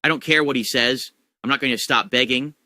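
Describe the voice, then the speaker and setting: A man's voice: mid-range voice, fairly quick, sharp tone, no room sound, studio quality. A man in a mocking, exaggerated rant, whiny and sarcastic.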